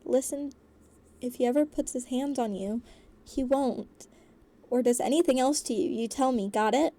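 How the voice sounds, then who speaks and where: Woman voicing a loud overprotective dad. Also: sits high, normal speed. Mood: indignant. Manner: loud, whiny outbursts. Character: overprotective excitable dad, middle-aged man.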